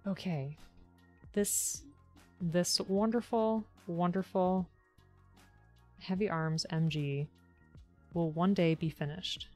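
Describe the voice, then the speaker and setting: Casual woman streamer, lower voice, chatty and upbeat, faint music under her. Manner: chatty, upbeat, thanks viewers warmly by turns. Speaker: live-streamer building model kits. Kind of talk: casual live-stream chat.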